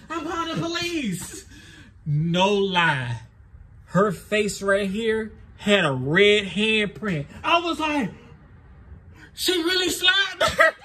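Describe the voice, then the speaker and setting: A man's voice: high voice, sharp tone, slight background noise. A young man, telling a wild story and laughing as he acts out the quotes. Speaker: lawn care vlogger. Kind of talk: animated storytelling.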